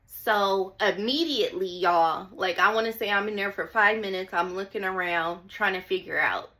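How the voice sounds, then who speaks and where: Young woman with a sharp bright voice, spilling a story to her viewers, dramatic, keeps saying y'all. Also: mid-range voice, normal speed. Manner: dramatic, repeats phrases for emphasis. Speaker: storytime vlogger.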